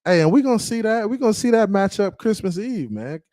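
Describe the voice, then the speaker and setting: A man's voice: sits high, sing-song, fairly quick, mellow, no echo. A man hosting a casual sports fan livestream, reading out chat messages and greeting viewers by name in hyped, slangy talk. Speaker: fan podcast host reading live chat.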